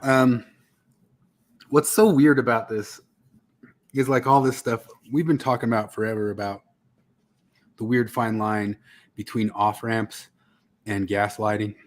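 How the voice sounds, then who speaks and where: A man's voice: fairly low pitch, fairly even intonation, unhurried, pauses often. A man co-hosting a podcast, chatting casually with laid-back storytelling and frequent laughter. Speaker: podcast co-host. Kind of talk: casual chat.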